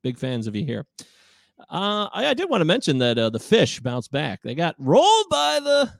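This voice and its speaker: A man from the American Midwest, co-hosting a casual sports chat, chatty and animated and quick to laugh. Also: fairly high pitch, creaky, dry recording, clean studio sound. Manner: chatty and animated, laughs often, leads the questions. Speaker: podcast co-host.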